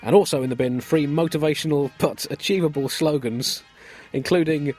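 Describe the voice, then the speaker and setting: A man co-hosting a satirical podcast, delivering jokes in a wry, deadpan way. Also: on the high side, moderate pace, music in the background. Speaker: podcast co-host.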